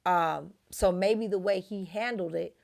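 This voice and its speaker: A woman's voice: unhurried, gravelly. A woman co-hosting a casual faith-based podcast, telling stories and acting out quotes with big jumps in voice. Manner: animated storytelling, acts out quotes with big pitch jumps. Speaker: podcast co-host.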